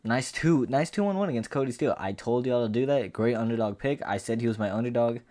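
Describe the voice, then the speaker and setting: A man's voice: mid-range voice, quick pace, warm tone. A man giving a casual fight recap rant as an MMA commentator, profane, boastful and rambling.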